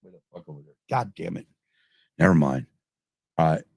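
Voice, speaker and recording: Casual: husky middle-aged dude hosting a podcast, rambling and cursing, few drinks in. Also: male voice, a bass voice, expressive, fairly quick, darkish tone, no room sound, clean studio sound. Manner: rambling, profane, swears constantly. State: drinking, tipsy. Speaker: podcast host. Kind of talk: casual live-stream chat.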